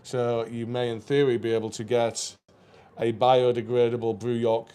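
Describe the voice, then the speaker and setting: A man's voice: mid-range voice, flat delivery, normal speed, dark tone, clean tone. A man co-hosting a live brewery stream, chatting casually and rambling with fillers. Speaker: brewery co-host. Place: brewery taproom.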